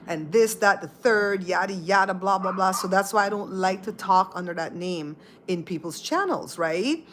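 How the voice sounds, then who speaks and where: A woman's voice: moderate pace, slight background noise. A middle-aged woman hosting her own channel, telling a story casually and acting out what people said. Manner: animated storyteller, acts out quotes with big pitch jumps. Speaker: channel host.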